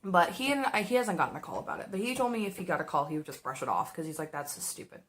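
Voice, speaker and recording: A young woman casually telling a story about her restaurant job while doing makeup, animated and swearing, slipping into exaggerated voices for the people she quotes. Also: on the low side, very fast.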